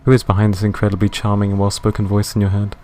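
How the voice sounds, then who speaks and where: A man streaming a game live, reading its narration in a deadpan way and chatting with viewers. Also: on the low side, very fast, a little hiss or hum.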